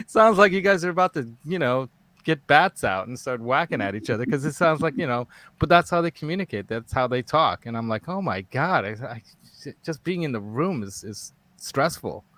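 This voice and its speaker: A man hosts a casual live talk show, rambling, digressing, and laughing often. His medium-pitched voice has lively intonation, normal speed, and a fairly bright tone, recorded dry.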